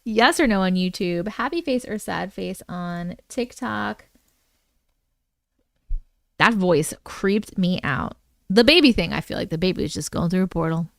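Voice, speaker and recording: A woman hosting a casual livestream, chatting excitedly and reacting to viewer comments as she reads and discusses their stories. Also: fairly low pitch, unhurried, vocal fry, dry recording, studio quality.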